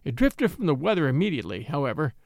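A man narrating an old-fashioned tale with an expressive storytelling delivery. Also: a little high, fast, gravelly, dry recording, clean studio sound.

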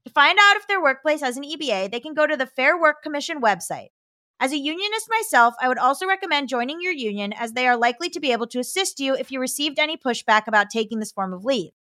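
A woman's voice: high-pitched, expressive, quick pace, pushed and bright, no room sound, studio quality. A woman co-hosting a podcast, reading listener letters aloud and riffing with a laugh between them.

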